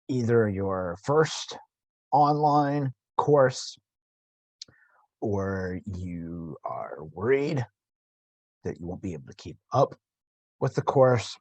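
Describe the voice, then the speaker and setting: A man teaching a course, explaining an online classroom tool in a gravelly morning voice, halting and restarting as he talks. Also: fairly low pitch, darkish tone, no room sound. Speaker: instructor. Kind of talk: screen-recorded tutorial.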